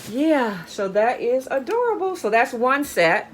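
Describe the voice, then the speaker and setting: A woman's voice: high voice, sing-song, unhurried, a little hiss or hum. A woman chatting enthusiastically as she shows off bargain finds, often calling out to her viewers. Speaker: haul vlogger. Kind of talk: casual show-and-tell chat.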